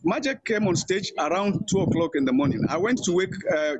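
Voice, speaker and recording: A man's voice: fairly quick, background noise. An older man with a Nigerian accent, an interview guest telling long stories and acting out the voices of people he quotes. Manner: animated storyteller, acting out quoted voices with higher pitch. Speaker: interview guest, veteran journalist. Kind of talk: storytelling interview. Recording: dull, muffled sound.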